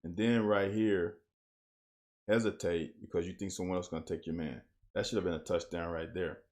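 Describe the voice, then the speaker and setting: Big plays bring out the animation in this blunt, coach-like host, who otherwise reviews game film at normal speed with a low voice. It's a laid-back breakdown of football footage.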